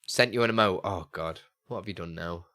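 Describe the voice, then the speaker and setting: A man's voice: sits low, fairly quick, pushed and bright. A man chatting casually on a live stream, thinking aloud and answering chat as he goes.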